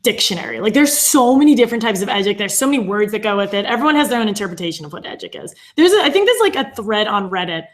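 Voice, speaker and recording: A woman's voice: medium pitch, big pitch swings, racing, hardly any pauses. A young woman co-hosting a casual live podcast, chatty and agreeable, with frequent fillers. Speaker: co-host of a reality show podcast. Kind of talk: casual live-stream chat.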